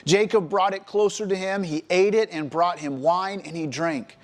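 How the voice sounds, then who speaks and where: Man, preacher, high voice, sermon storytelling, animated. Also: moderate pace. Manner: animated storytelling, acting out the characters. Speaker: preacher at a college ministry. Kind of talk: sermon, retelling a scripture story.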